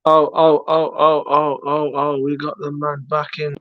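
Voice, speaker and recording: A man's voice: on the high side, completely flat delivery, unhurried, no room sound, phone-quality sound. Swearing, laughing livestream host man. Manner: laughs often, swears casually, repeats words. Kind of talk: casual chat.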